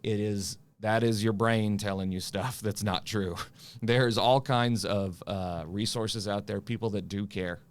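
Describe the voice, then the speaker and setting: Low, smooth laid-back podcast co-host man. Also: fairly even intonation, measured pace. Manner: laid-back, earnest, folksy. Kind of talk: casual podcast chat.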